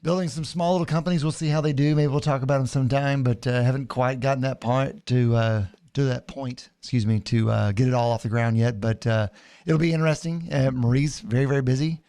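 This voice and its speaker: A man's voice: medium pitch, steady tone, brisk, warm tone, dry recording. Dry-humored man in casual chat. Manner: easygoing and dry-humored, with many fillers. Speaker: podcast co-host.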